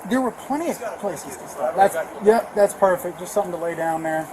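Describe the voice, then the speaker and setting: A man's voice: high voice, lively intonation, fairly quick, low-quality recording. A man working as a police deputy, talking casually on an outdoor street at night, picked up by his body camera. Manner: casual, offhand, retells events. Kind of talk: bodycam footage. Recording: loud street noise, bodycam mic.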